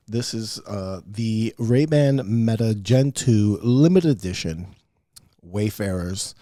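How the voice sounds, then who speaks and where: A man's voice: on the low side, animated, unhurried, mellow, no echo. A middle-aged man hosting a podcast, rambling through a profane, self-mocking solo rant. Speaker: podcast host. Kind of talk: casual solo podcast monologue.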